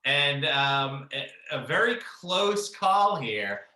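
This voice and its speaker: A man's voice: medium pitch, big pitch swings, slow pace, bright, forceful tone. A man hosting a casual comic debate, laid-back and hesitant with many ums. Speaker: host and moderator. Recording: roomy echo.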